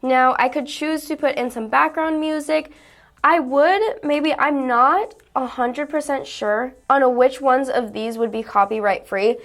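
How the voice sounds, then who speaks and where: A bubbly woman with a somewhat high voice, chatting casually as she walks viewers through a software demo. She is talkative and easily goes off on little tangents. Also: measured pace. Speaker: YouTuber demoing software. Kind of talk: casual tutorial chat.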